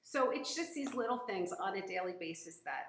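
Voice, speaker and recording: A woman's voice: medium pitch, expressive, moderate pace. A woman guest in a casual chat, talking in a rambling, emotional way with many fillers and laughs. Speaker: guest, gym member sharing her story. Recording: roomy echo.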